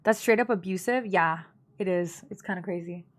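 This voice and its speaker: A woman's voice: fairly low pitch, normal speed. Young woman streamer, casual and blunt, gossipy family storytelling for her live chat, full of fillers.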